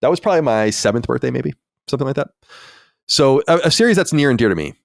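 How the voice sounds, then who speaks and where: A man's voice: medium pitch, animated, fast, creaky, no echo. A man in his forties hosting a podcast, chatting casually in a rambling, candid way, full of fillers and asides. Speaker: podcast host.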